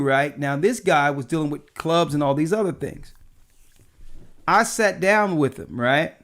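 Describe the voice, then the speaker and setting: Man telling lively church stories. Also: on the high side, moderate pace. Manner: animated anecdotes with frequent "right?" asides. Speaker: church elder. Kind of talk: casual storytelling chat.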